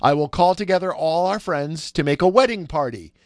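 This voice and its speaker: A man reading a storybook aloud, voicing a proud father who speaks warmly but firmly. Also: fairly high pitch, a little fast, close to an everyday voice. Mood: fatherly.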